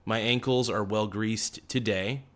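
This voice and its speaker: Young man, livestream host, slightly low voice, joking banter with chat. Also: steady tone, a little slow, fairly bright tone. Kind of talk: casual livestream chat reading comments.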